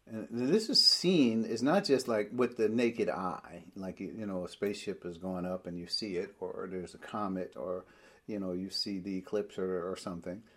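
Guy with a lowish voice teaching bible study, goes slow on the verses. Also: fairly bright tone. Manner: explanatory, slows to read scripture aloud.

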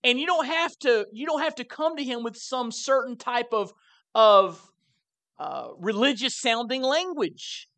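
A man's voice: very high-pitched, lively intonation, a little slow, sharp tone, no echo. Conversational preaching man, dry sound. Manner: conversational, repeats words when emphasizing. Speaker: pastor. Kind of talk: sermon.

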